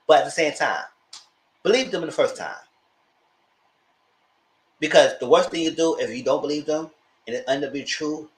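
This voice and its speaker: Animated man hosting a livestream. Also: a little high. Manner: animated, emphatic, talks straight to viewers. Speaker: livestream host. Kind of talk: casual livestream commentary.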